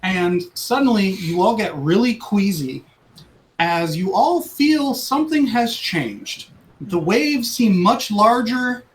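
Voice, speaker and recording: A man's voice: high voice, animated, takes it slowly, a little hiss or hum. A man running a tabletop game as dungeon master, narrating in a playful, rambling way and laughing at his own story.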